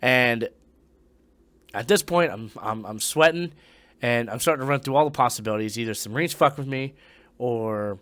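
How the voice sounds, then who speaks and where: A young man, a former Marine, telling a ghost story in a casual, profane way, dropping to hushed tones and breaking into loud bursts. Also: medium pitch, moderate pace, no room sound.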